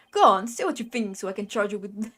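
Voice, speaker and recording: A woman's voice: medium pitch, animated, normal speed, fairly bright tone. Brooklyn-accented tough-guy minister, blustering and threatening, woman doing the voice, gangster drawl. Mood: gruff, menacing. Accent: put-on Brooklyn. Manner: gruff gangster bluster, tags lines with "see?".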